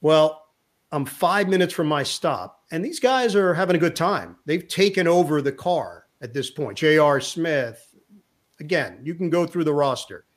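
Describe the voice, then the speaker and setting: A middle-aged man and sports broadcaster, a guest telling a lively anecdote in an interview, acting out the lines of the people in his story. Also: fairly high pitch, measured pace. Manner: lively anecdote teller who acts out quotes.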